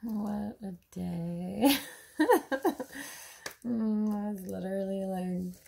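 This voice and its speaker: Giggly, husky-voiced woman vlogger. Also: medium pitch, very slow, mellow. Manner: dreamy, giggly, gushing. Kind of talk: casual daily vlog.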